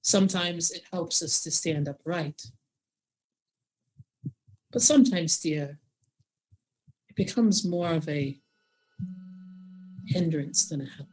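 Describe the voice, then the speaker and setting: A woman voicing a gentle older female professor who speaks softly and calls people dear. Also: fairly low pitch, takes it slowly, long pauses, a little hiss or hum, rough recording. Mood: reflective.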